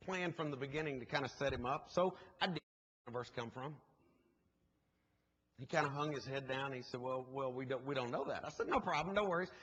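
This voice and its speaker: A man's voice: fairly high pitch, slightly rough. A man, preaching as a guest speaker and telling a story with jokes and asides to the congregation. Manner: animated, jokey storytelling with asides to the audience. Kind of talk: sermon storytelling. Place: church sanctuary. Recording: muffled, echoey church hall recording.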